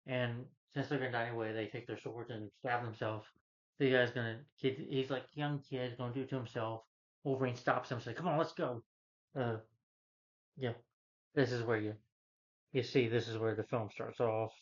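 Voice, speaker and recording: A man recaps a movie scene by scene in a loose, rambling way, stumbling over his words and leaning on fillers. His voice sits at an ordinary middle pitch. The recording sounds a little dull and lo-fi. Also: flat delivery. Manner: rambling, halting, full of "you know" and restarts. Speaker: movie reviewer. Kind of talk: casual plot retelling.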